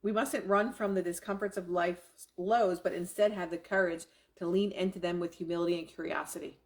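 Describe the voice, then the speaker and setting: A woman's voice: lowish voice, steady tone, fairly quick. Middle-aged female coach, casual live talk, enthusiastic and repetitive. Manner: enthusiastic, swears casually, repeats affirmations. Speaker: self-help coach.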